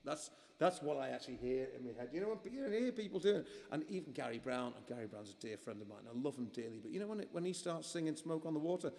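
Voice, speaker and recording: A man's voice: fairly high pitch, lively intonation, fast talker, creaky, few pauses, a little mellow, big-room sound, a little hiss or hum. A man performing a live music stream, chatting casually between songs in a rambling, self-mocking way with many restarts. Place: music club venue. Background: guitar playing.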